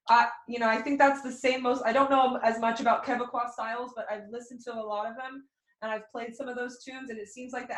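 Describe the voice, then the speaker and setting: A young adult woman teaching a fiddle class online, explaining rhythm and counting beats aloud in a friendly way. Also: fairly high pitch. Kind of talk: online music lesson. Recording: echoey room.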